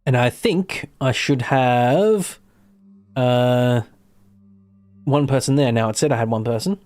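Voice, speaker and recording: An Australian gaming streamer chats casually over live gameplay, with faint music playing behind him. His medium-pitched voice is slow and a little mellow, and he rambles, corrects himself and swears now and then.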